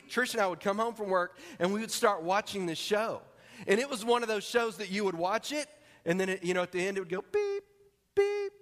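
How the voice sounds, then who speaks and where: A man preaching a sermon, telling a story in an animated way and acting out its scenes. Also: sits high. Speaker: pastor. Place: church sanctuary. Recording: long hall reverb.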